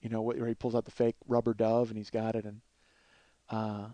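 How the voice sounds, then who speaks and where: A man's voice: on the low side, completely flat delivery, brisk, warm tone, no room sound, lo-fi sound. A man telling a comic story on a podcast, swearing freely and laughing through it. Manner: profane, laughs through his own story. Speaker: comedian host. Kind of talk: comedic storytelling monologue.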